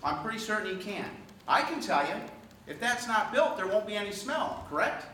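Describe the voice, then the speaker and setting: A man argues emphatically at a town meeting, his voice swinging up and down as he presses his points. He sounds a little high and distant. The hall around him is very echoey with some background noise. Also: big pitch swings, normal speed, bright, forceful tone. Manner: emphatic, rhetorical, argumentative. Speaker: resident speaking at public meeting. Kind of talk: public comment at town meeting. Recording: echoey hall from far off, noisy.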